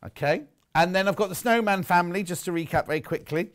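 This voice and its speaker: Chatty TV shopping host. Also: male voice, high-pitched, fast. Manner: chatty, rambling, teasing. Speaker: shopping channel presenter. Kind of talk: live TV sales chat.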